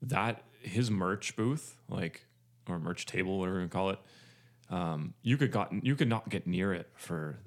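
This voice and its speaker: A man's voice: sits low, a little slow. A man co-hosting a podcast in casual chat, rambling with lots of fillers and jokes. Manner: rambling, filler-heavy, jokey. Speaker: podcast co-host.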